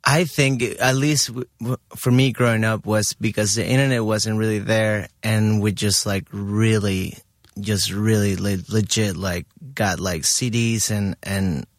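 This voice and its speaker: A man in casual chat, talking haltingly with lots of restarts and fillers. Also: lowish voice, fairly even intonation, no echo, studio quality.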